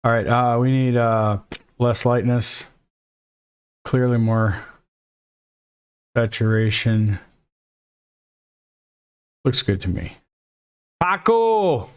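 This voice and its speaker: A man talks through a coding lesson in a loose, conversational way, narrating each step as he goes. He cracks jokes at his own expense and reacts out loud to what he sees on screen. His voice sits at an ordinary middle pitch. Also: steady tone, takes it slowly, pauses often, smooth. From Mexico. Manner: jokey, thinks aloud, self-deprecating asides. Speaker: coding instructor.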